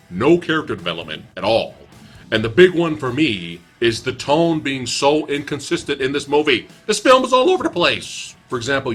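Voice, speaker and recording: A man's voice: lowish voice, fairly bright tone. A young man giving a casual, profane, sarcastic movie review.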